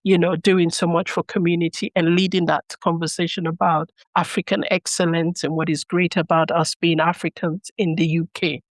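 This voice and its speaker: A woman's voice: on the low side, level tone, normal speed, hardly any pauses, no echo. Earnest woman telling her story. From Sierra Leone. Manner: earnest storytelling that acts out remembered dialogue. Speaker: guest. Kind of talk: personal storytelling in a podcast interview.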